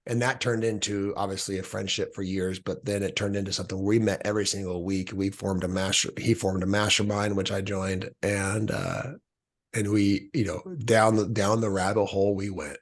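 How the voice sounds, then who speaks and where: A middle-aged man, a podcast guest, telling a personal story in a casual, animated way and acting out the voices he quotes. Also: lowish voice, normal speed.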